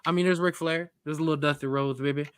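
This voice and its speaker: A young man co-hosting a sports podcast, talking in a rambling, jokey, animated way. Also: fairly high pitch, fast, a little hiss or hum. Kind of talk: casual sports chat.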